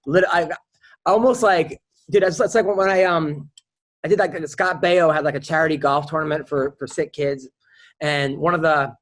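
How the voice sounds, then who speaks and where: A man hosting a podcast, chatting casually and rambling through stories with frequent restarts. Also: a little high. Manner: rambling storyteller with many restarts. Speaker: podcast host. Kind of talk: casual chat.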